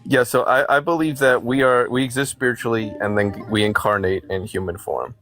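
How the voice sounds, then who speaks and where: A man's voice: mid-range voice, fairly even intonation, fairly quick, fairly bright tone, soft background music. A man on a live stream explaining his religious beliefs in a musing, casual way.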